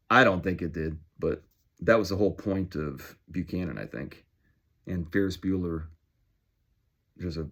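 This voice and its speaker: A man's voice: sits low, fairly bright tone. A man in his forties talking in a rambling, self-deprecating, upbeat casual monologue for his vlog. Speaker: vlogger.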